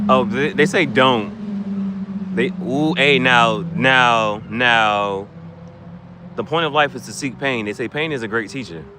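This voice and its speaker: Playful man with a swooping voice. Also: noisy background. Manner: playful, laughs often, voice swings high and low. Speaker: channel host. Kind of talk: casual joking chat.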